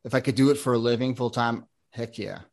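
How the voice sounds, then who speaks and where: A man's voice: mid-range voice, fairly even intonation, quick pace, vocal fry. An American man, an ADHD coach, talking in a casual podcast interview, rambling with many restarts and plenty of enthusiasm. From United States.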